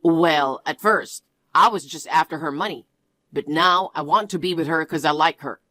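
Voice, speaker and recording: A woman voicing a self-serving young man who cheats on his fiancée, speaking in a lower, dismissive storybook voice. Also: normal speed, bright, forceful tone, dry recording. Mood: smug.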